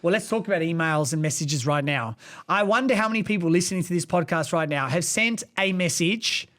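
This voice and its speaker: A man's voice: on the high side, lively intonation, brisk, fairly bright tone. A man co-hosting a podcast, talking with passion and emphasis. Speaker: podcast co-host. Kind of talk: casual podcast discussion.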